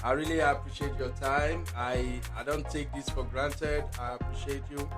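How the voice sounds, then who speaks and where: A man's voice: mid-range voice, steady tone, normal speed, music in the background. A man hosting a podcast interview, friendly and teasing. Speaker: podcast host.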